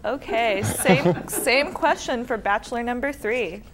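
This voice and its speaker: A woman on a mock dating show, asking questions in a relaxed, playful way. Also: on the high side, a little slow, crowd noise. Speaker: contestant. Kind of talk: casual game show questions.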